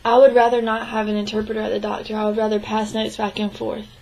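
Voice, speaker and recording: A young woman interpreting a signed interview into spoken English, speaking in short, halting phrases with restarts and frequent throat clearing. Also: mid-range voice, monotone, dark tone, low-quality recording. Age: young adult. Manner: clears her throat often. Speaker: sign language interpreting student.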